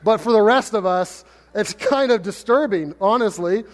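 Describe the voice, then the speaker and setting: High-voiced joking pastor in a hall. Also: male voice, lively intonation, normal speed. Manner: conversational, joking, rhetorical questions. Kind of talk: sermon.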